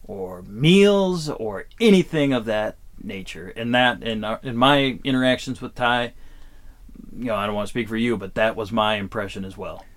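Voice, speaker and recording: A man's voice: fairly low pitch, moderate pace. A man co-hosting a podcast, chatting and recounting stories in a casual way. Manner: chatty, storytelling. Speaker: podcast co-host.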